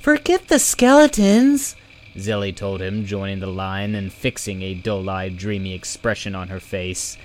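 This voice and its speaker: A man narrating a storybook in a slow, measured reading. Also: low-pitched, monotone, slight background noise. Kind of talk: audiobook narration.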